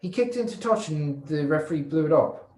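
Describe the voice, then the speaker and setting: A man co-hosting a podcast, talking loosely as he watches a match live. He flips from low mutters to sudden outbursts and curses freely. His voice sounds roomy and echoey. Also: brisk. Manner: swearing, excitable, jumps from mumble to outburst. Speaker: podcast co-host. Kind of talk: casual live watch-along chat. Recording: roomy echo.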